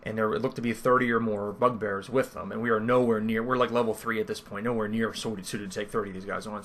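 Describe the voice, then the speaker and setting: A man's voice: medium pitch, pushed and bright. Rambling man recapping a game session. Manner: rambling, self-interrupting, lots of fillers. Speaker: first-time game master recapping a campaign. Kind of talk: casual storytelling recap.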